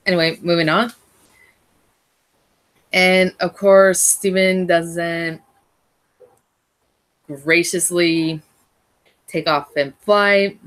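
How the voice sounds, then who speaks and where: Low-voiced woman rambling through a recap. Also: a bit bright. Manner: rambling, with frequent restarts and self-corrections. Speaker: fan reviewer. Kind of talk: casual episode recap.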